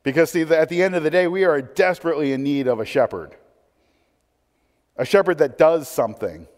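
A man preaching a sermon, swinging between emphatic points and hushed, conversational asides. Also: on the high side, lively intonation, a little fast. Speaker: pastor. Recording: long hall reverb.

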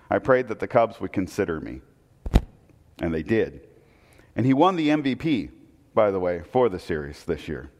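A man preaching a sermon, telling a story that swings between loud excitement and hushed, intense moments. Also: medium pitch. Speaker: pastor. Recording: long hall reverb.

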